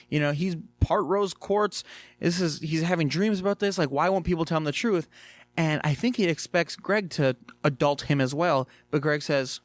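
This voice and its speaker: A man with a somewhat high voice talks through a cartoon episode in a loose, rambling way, filling gaps with fillers. The sound is dry and close, with no room echo. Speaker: reviewer. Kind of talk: casual episode review.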